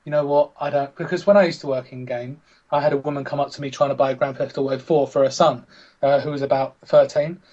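A man's voice: mid-range voice, steady tone, fast, dark tone, slightly rough, dull audio. Teasing, chatty podcast host, a man. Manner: teasing, chatty, sets up scenarios. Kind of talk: casual chat.

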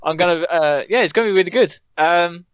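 Monotone young man podcasting. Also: high voice, a little fast, clean tone, dry recording, muffled recording. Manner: flat, monotone delivery. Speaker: podcast co-host. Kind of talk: casual chat.

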